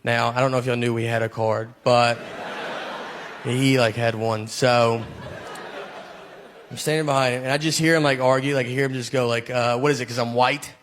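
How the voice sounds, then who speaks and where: A man with a Southern accent doing a stand-up routine, telling rambling deadpan stories full of "like". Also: medium pitch, moderate pace, pauses often. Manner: deadpan, rambling storytelling with many "like"s. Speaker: stand-up comedian. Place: comedy stage with live audience. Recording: live show with crowd laughter and noise.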